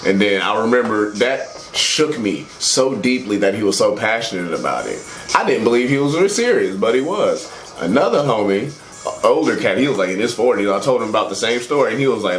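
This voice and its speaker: A man doing stand-up, telling a crude story in a loose, animated way and voicing his friends' lines. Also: fairly low pitch, fairly quick, echoey room, faint music behind. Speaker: stand-up comedian.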